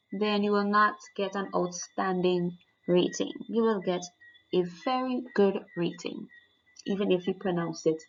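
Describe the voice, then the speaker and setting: A woman teaching, walking students step by step through a French oral exam mark scheme and repeating the key points. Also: mid-range voice. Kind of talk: exam guide lesson. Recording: dull lo-fi sound.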